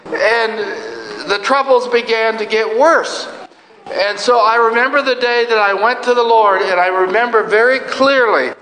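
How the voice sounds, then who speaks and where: An older man preaching a sermon, telling his own story earnestly with long pauses. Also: very high-pitched, pushed and bright, a little hiss or hum. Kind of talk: sermon testimony. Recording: echoey hall, roomy sound.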